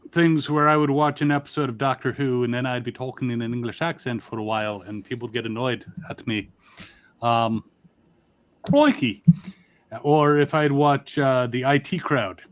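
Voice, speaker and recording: A man's voice: mid-range voice, steady tone, normal speed, fairly bright tone, clear, resonant tone. A man from Connecticut, a toy reviewer in a casual livestream chat, rambling and joking in a plain broadcaster-style manner over a video call.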